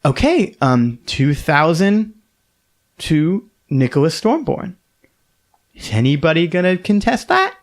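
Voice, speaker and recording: A man voicing a female auctioneer at a ball of criminals and monsters, with bright, showy sales patter. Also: a little high, sing-song, slow pace, voice pushed up, exaggerated voice. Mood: brisk.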